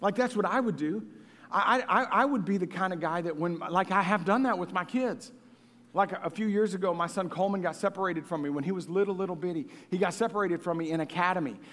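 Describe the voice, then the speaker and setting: A man, likely in his thirties, preaching a sermon as pastor in a folksy, animated way that sometimes sinks to a hush. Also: high voice, fast talker. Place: church sanctuary. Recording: long hall reverb.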